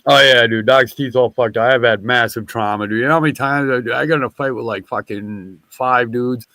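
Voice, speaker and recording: A man's voice: medium pitch, fairly quick, dry recording. A man telling a long, rambling story with a lot of swearing. He often breaks off and starts his sentences again. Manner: rambling, profane, animated storytelling; restarts and backtracks often. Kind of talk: casual storytelling.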